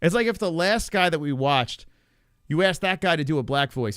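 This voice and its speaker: A man's voice: fairly high pitch, animated, brisk, fairly bright tone, clean tone, dry recording, clean studio sound. A man streaming live, reacting to clips with incredulous, swearing asides.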